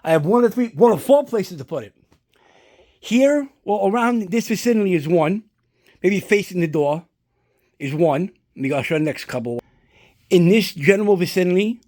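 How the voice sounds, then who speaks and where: A man's voice: sits high, animated, moderate pace, darkish tone. A man talking casually at home, rambling through a story and swearing often as he shows off a collectible prop. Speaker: collector showing a movie prop. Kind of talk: casual unboxing vlog. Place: indoors at home.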